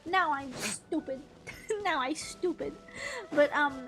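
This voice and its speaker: A woman's voice: high-pitched, slow. A young adult woman streaming a game, chatting casually in a rambling, giggly way with offhand swearing. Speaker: gaming streamer. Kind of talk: casual chat while gaming. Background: faint game music.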